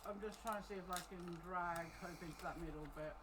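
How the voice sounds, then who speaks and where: A woman's voice: fairly low pitch, fairly quick, background noise. A woman playing a tabletop game who chats casually and makes self-deprecating, swearing asides. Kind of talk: casual chat.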